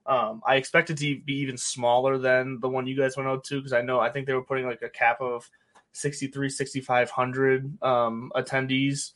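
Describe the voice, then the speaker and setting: A man on a podcast in casual sports chat as a guest, rambling and correcting himself as he goes, quick to laugh. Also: medium pitch, little pitch movement, a bit bright. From New England.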